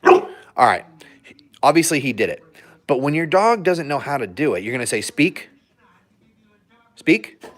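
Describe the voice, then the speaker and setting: A man's voice: medium pitch, big pitch swings, quick pace. A man vlogging from a hotel room with his dogs, chatty and digressive, joking and giving training tips. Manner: chatty and digressive, jokes, laughs often. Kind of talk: casual vlog with dog training tips.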